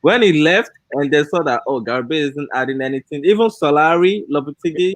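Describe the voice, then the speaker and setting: A man's voice: on the high side, lively intonation, a little fast, no echo, low-quality recording. A man co-hosting a casual football podcast, rambling through his explanations with many fillers.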